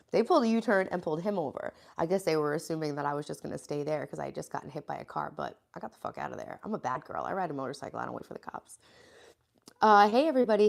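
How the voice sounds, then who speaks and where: An American woman with a creaky, medium-pitched voice chats casually on a live stream. Congested and sniffling, she rambles and greets viewers in her chat by name.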